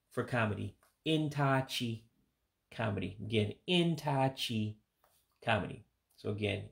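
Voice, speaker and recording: A man in a casual home lesson talks through vocabulary at an easy pace. His voice sits in a middle pitch, and he repeats each word slowly and deliberately, sometimes pausing with uh and um. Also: gravelly. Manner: slow, careful repetition of words; hesitant with fillers. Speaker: language learner teaching vocabulary.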